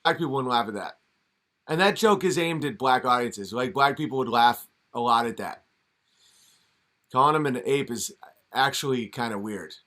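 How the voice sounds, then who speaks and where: A man's voice: medium pitch, animated, normal speed, sharp tone. A man ranting and mocking in a commentary video, often slipping into sarcastic impressions.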